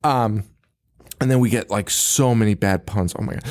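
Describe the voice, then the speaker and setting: Recapping a movie on his podcast, a man with a lowish, darkish voice speaks at a moderate pace. The retelling is casual, and he laughs often, swears and performs lines from the film.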